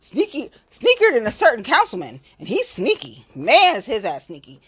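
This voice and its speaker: A woman's voice: on the high side, wildly swooping pitch, moderate pace, a bit bright, husky. A woman talking in a casual monologue, blunt and heavily profane, rambling from one complaint to the next. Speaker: local political activist.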